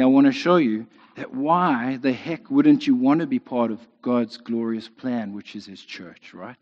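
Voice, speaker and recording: A man preaching a sermon in a conversational way, often checking in with "right?". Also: fairly high pitch. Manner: conversational, keeps asking "right?". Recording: dull lo-fi sound with long reverb in a hall.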